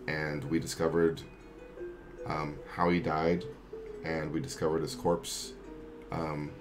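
Man player, very deep voice, unhurried and halting, faint music behind. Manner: slow, halting, with frequent ums. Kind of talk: tabletop game play, reading and casual talk.

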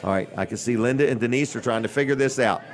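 A man's voice: medium pitch, quick pace, crowd noise. An older man hosting a live radio and TV show from a busy restaurant, rambling casually between giveaways and sponsor plugs with dry jokes. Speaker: host. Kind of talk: live on-location radio and TV talk.

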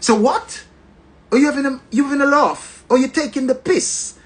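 A man's voice: very high-pitched, normal speed, voice pushed up. A man voicing an angry rich woman who mocks and scolds in a put-on British accent. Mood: mocking. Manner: scolding, mocking.

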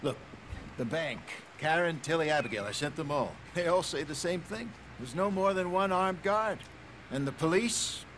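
An actor playing a scheming, persuasive outlaw planner in a western game. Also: male voice, fairly high pitch, animated, normal speed, a bit bright, slight background noise. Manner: persuasive, pushy.

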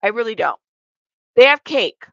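Hosting a commentary channel's live stream, this woman has a fairly high, slightly bright, creaky voice with lively intonation and a normal pace. Chatty and quick to laugh, she reads chat out loud and adds joking asides, all in a dry, dull lo-fi recording.

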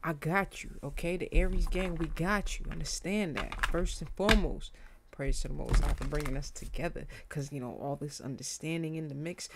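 A woman casually doing a tarot reading for her viewers, animated, slangy and openly emotional as she talks. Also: low-pitched, moderate pace, noisy background. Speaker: tarot reader.

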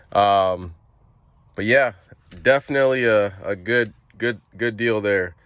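Laid-back rambling man, lowish voice. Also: takes it slowly, a bit bright, smooth, no room sound. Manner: laid-back and rambling, full of fillers and restarts. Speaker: truck driver vlogger. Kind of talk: casual how-to vlog. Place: inside a truck cab.

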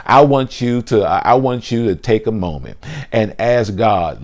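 A man preaching a casual livestream sermon from his phone, animated and repetitive, stumbling and restarting often. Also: on the low side, measured pace. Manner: animated preaching, repeats words and restarts, casual Southern-style "y'all". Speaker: pastor.

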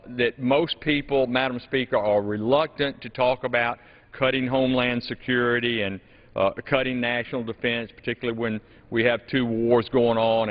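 A man, a congressman, giving an earnest, halting floor speech with fillers in a legislative chamber. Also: medium pitch. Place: House chamber. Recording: dull broadcast audio in a long-reverb chamber.

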